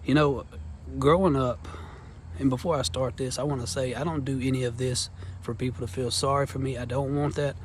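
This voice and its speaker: A man's voice: medium pitch, steady tone, fairly quick, a little hiss or hum. A man in his thirties telling a heartfelt personal testimony in an earnest, rambling way. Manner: earnest, rambling, Southern-style phrasing. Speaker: vlogger sharing personal testimony.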